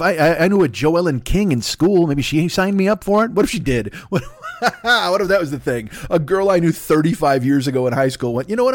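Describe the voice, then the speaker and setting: Alone at his desk, a man in his fifties hosts a comedic podcast rant, exasperated, rambling, and full of curses. His high-sitting voice is captured in studio quality with no echo.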